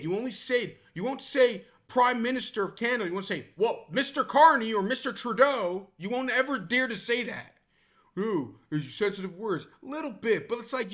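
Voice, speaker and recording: A man's voice: high-pitched, a bit bright. A man vlogging in a blunt, exasperated rant. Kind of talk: ranting commentary.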